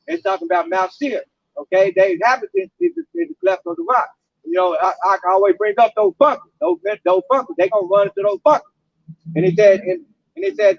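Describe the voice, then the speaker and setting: A man with a high, lively voice and a gravelly edge reads scripture aloud and explains it haltingly. The recording is dry and dull. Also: dry recording. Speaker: camp speaker. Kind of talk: informal scripture discussion.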